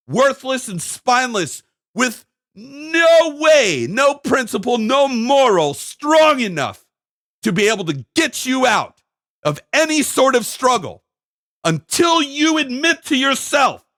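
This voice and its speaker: A man talks alone to his viewers in a heated, emphatic monologue. His voice is high for a man and moves all over the place, climbing and dropping as he drives his points home with repetition. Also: a bit bright. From United States. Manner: ranting, emphatic, repeating phrases. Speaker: video host. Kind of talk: heated solo monologue to camera.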